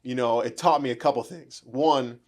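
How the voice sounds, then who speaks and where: A man telling a story in casual conversation, animated and laughing, acting out the dialogue. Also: mid-range voice, normal speed.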